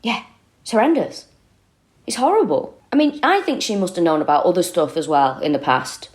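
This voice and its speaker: A woman's voice: lowish voice, expressive, moderate pace. A woman co-hosting a true-crime comedy podcast, retelling a case casually and expressively, with frequent exclamations.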